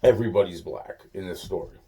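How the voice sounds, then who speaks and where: Man, low and husky, mellow tone; loose profane storyteller who keeps restarting sentences. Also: fast talker. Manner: rambling, profane, many restarts. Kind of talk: casual spoken anecdote.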